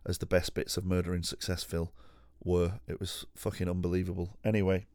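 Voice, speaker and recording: A man's voice: low voice, completely flat delivery, brisk, darkish tone, no echo, studio quality. A man hosting a podcast alone, telling a rambling, sweary, self-deprecating anecdote full of restarts and asides. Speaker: podcast host. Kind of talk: casual storytelling monologue. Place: at home.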